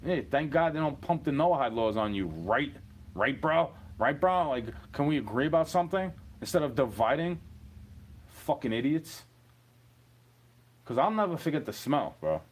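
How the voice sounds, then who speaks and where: A man's voice: medium pitch, lively intonation, moderate pace. A man in his thirties from New York City, ranting in a rambling, profane monologue and chuckling between points.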